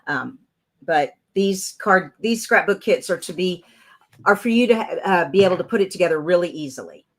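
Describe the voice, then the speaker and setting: A woman's voice: on the low side, lively intonation, normal speed. A woman, chatting loosely as she talks through a craft project on a live stream. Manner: chatty, rambling, thinks aloud while working. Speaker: crafting channel host.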